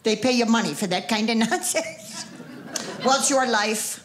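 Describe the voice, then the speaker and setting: A woman's voice: fairly high pitch, normal speed, lightly acted. A woman voicing a nosy, nagging female cousin with a thick Wisconsin accent and a folksy, condescending manner. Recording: noisy live comedy stage.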